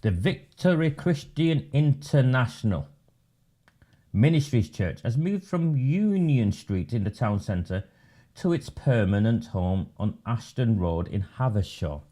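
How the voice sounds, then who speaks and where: A man's voice: medium pitch, animated, unhurried, dark tone. Sarcastic man hosting a webinar. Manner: sarcastic, mocking. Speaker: webinar host and political campaigner. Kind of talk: live webinar commentary.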